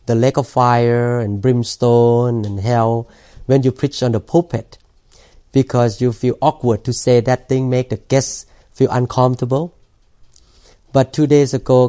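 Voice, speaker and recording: A man preaching a sermon in a warm, mellow voice. He is a pastor who speaks earnestly, stopping and restarting as he explains scripture. His delivery is halting and sincere. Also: medium pitch. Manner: earnest, halting, repeats words.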